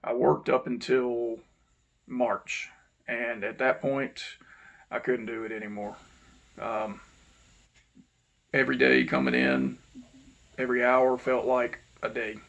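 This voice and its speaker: A man, telling a personal story to his channel's viewers in an unhurried, reflective way that sometimes drops to a low mutter. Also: flat delivery, gravelly, fairly bright tone, muffled recording. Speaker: channel host. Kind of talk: casual storytelling monologue.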